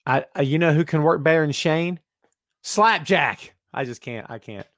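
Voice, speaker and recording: A chatty man hosts a live wrestling show, his voice pitched a little high and recorded close and dry with no room sound. He talks to viewers by name, makes sarcastic asides and hums under his breath while he fiddles with settings. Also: brisk, no room sound. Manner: chatty, sarcastic, reads chat aloud. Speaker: wrestling podcast host. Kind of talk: live-streamed casual commentary.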